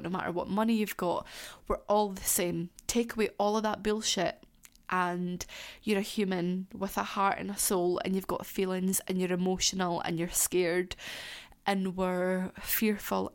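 A young adult woman hosting a solo podcast, talking in a heartfelt, emotional and rambling way. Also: medium pitch. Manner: rambling, tangent-prone. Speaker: podcast host.

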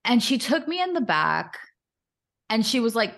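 A young adult woman co-hosting a podcast, telling a lively story and acting out what people said. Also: on the high side, creaky. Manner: animated storyteller, quick, acts out quotes with laughs. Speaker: podcast co-host. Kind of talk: casual chat.

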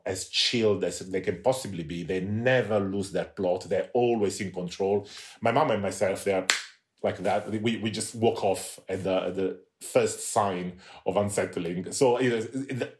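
A man with a Central Italian accent, a guest on a podcast, talking in a relaxed, modest way. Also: on the low side, measured pace. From Italy. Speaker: podcast guest, baker and author. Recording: roomy echo.

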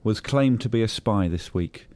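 A middle-aged man hosting a comic podcast, talking in a dry, deadpan, whimsical way. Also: on the low side, moderate pace, dry recording. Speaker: podcast host.

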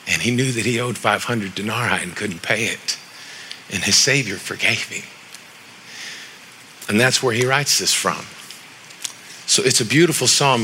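A middle-aged man preaching a sermon as pastor in a church, telling stories with animated quoted voices and reading scripture aloud with rising emphasis. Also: fairly low pitch, slight background noise. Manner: animated storytelling with acted quotes.

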